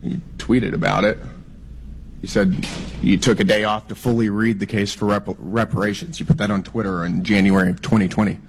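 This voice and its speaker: A man with a hoarse voice from a cold, questioning a witness persistently at a hearing. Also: fairly low pitch, level tone, fairly quick. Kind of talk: hearing interrogation.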